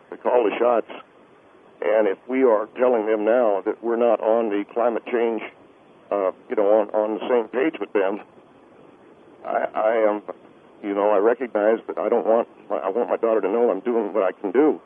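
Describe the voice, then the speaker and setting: A man's voice: lowish voice, pitched below the performer's own voice, close to an everyday voice. A man playing a flustered, anxious father who stammers and hesitates as a call-in radio guest. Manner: stammering, hesitant, many uh's. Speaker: guest on phone. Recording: tinny phone line.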